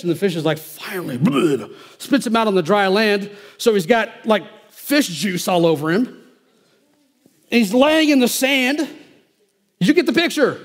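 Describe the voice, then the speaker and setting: A man preaching a sermon in a casual, slangy way, reading scripture quietly and then building to loud, emphatic passages. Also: a little high. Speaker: pastor.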